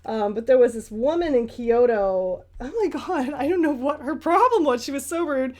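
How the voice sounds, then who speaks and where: A young woman from the US chats in a relaxed, rambling way while she paints, answering questions from her viewers. Her voice sits a little high, and her talk is full of ums, restarts and small laughs. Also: moderate pace. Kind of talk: casual paint-along chat.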